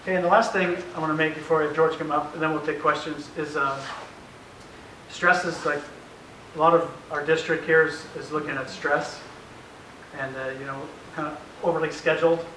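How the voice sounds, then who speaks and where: A man's voice: on the high side, level tone, a little fast, sharp tone. A middle-aged man giving an informal, anecdotal presentation to parents, acting out family conversations and chuckling often. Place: meeting room with an audience. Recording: roomy echoey room, faint hiss, mic far off.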